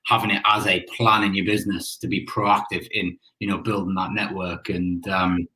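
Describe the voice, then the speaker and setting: A man with a low voice and a bright, forceful edge. He rambles in a casual chat, repeating words as he goes. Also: flat delivery, moderate pace, low-quality recording. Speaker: guest.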